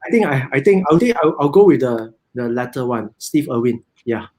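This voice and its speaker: A man's voice: medium pitch, lively intonation, brisk, darkish tone, rough recording. A man with a Malaysian English accent, a guest in a casual live chat, rambling with many restarts.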